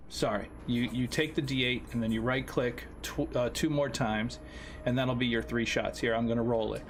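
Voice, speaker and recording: A man running a tabletop game as game master, explaining dice rules in a halting way with many restarts. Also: medium pitch, fairly even intonation, a little hiss or hum. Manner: halting, restarts often while working the tool.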